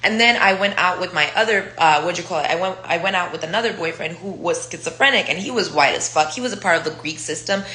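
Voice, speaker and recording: A young woman from Israel talks through her past in a candid, rambling monologue, swearing often and stopping to search for words. Her voice is bright and sharp, and it bounces around an echoey room. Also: lowish voice, fast, few pauses, slight background noise. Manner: profane, rambling, candid with frequent fillers. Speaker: vlogger. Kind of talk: casual storytelling monologue.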